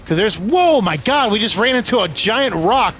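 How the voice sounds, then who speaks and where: Excitable man narrating a game. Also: high voice, moderate pace, a little hiss or hum. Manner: excitable, loud bursts of exclaiming while playing. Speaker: gaming streamer. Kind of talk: casual let's-play commentary.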